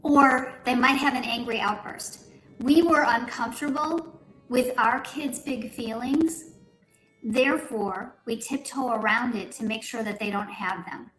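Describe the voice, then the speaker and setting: A woman speaking in a measured, instructive way, giving advice to parents in a played clip. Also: a little high, fairly bright tone. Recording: clip with room echo, faint music.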